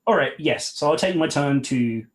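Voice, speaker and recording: A man's voice: fairly high pitch, lively intonation, moderate pace. A man playing in an online tabletop game, describing his turn and checking rules with wry jokes. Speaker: player.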